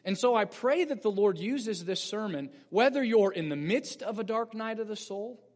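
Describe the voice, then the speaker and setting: A man with a notably high voice preaches a sermon in an earnest, explanatory manner, pushing up with emphasis on key points. His voice carries a long reverb tail from a church sanctuary. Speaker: pastor.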